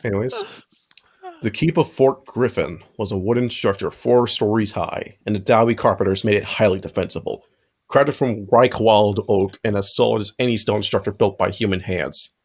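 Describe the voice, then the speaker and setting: A man's voice: fairly low pitch, moderate pace, a little mellow, breathy edge. A man narrating a fanfic aloud with friends, in a casual reading with occasional slips.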